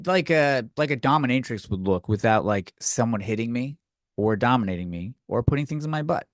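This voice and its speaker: A man's voice: mid-range voice, no room sound, clean studio sound. An American man hosting his own podcast, ranting in a crude, rambling and self-mocking way while he answers listener questions. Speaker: podcast host. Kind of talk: casual comedic rant.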